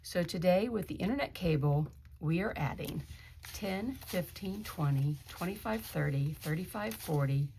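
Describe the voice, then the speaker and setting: Female budgeting vlogger, slightly low voice, gentle counting and encouraging chat, faint background noise. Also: animated, normal speed, vocal fry. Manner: counts bills aloud softly, then gets emotional and encouraging. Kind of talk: casual budgeting vlog, counting cash.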